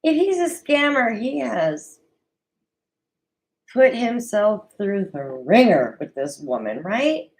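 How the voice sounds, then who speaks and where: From her desk at home, a woman hosts a casual solo recap show, chatty and full of opinions. Her medium-pitched voice moves at a slow pace, and she livens things up with mock quoted voices. The recording quality is low.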